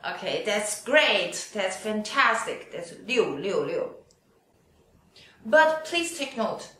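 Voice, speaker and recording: A woman's voice: on the high side, a bit bright. A woman teaching a pinyin lesson, drawing out each sound patiently for students to repeat. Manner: patient, drawn-out demonstration of sounds. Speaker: Chinese language teacher. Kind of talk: slow pinyin lesson with drills. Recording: very echoey room, voice from off mic.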